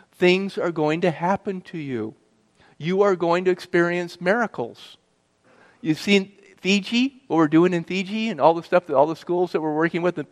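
A middle-aged man giving an earnest personal testimony as a guest speaker, telling his story and asking the audience questions. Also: on the high side. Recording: long hall reverb.

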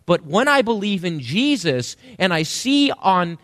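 A man's voice: high voice, very animated, measured pace, fairly bright tone, no echo. A male pastor preaching an emphatic sermon and asking the congregation questions.

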